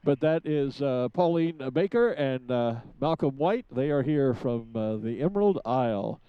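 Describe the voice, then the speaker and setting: A man giving chatty live commentary from a rooftop studio, pausing often with fillers. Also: medium pitch, expressive, clear, resonant tone, no echo, lo-fi sound. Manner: chatty, hesitant with many fillers. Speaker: event commentator.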